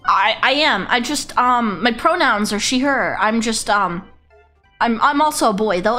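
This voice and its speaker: A woman's voice: fairly high pitch, animated, measured pace, bright, forceful tone, soft background music. A woman streaming live, chatting casually with her chat in a giggly, chaotic, self-mocking way. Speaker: VTuber streamer. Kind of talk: casual livestream chat reading chat messages.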